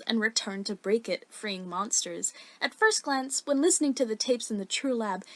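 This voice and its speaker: A woman reading a scripted video essay, arguing her case point by point and posing rhetorical questions. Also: a little high. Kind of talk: scripted narration.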